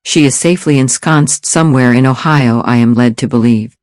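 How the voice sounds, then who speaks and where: A man doing a soft-spoken polite British operative. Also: mid-range voice, brisk, no echo, natural voice. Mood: calm. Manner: soft-spoken, courteous, formal. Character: calm British ex-special forces man, polite.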